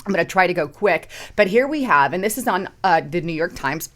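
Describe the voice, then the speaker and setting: A woman's voice: on the low side, expressive, fairly quick, fairly bright tone. A middle-aged woman hosting casual political commentary, emphatic, repeating words and rising sharply to stress points.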